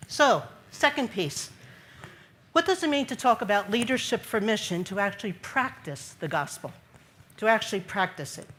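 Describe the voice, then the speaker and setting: A woman's voice: medium pitch, fairly bright tone. A woman giving an earnest faith talk to a gathered audience in a large room, repeating key phrases and putting questions to her listeners. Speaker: speaker at a church gathering.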